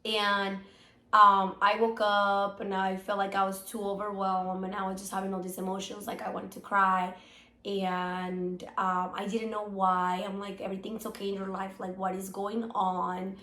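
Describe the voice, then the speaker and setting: A woman co-hosting a podcast in casual chat, still sick with a hoarse voice, rambling with many fillers. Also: medium pitch, flat delivery, normal speed, sharp tone, echoey room. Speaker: podcast co-host.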